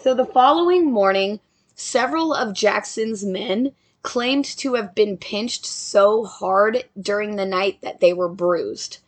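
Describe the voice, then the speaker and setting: A woman's voice: mid-range voice, takes it slowly. A young woman casually narrating a ghost story, with joking asides to her listeners.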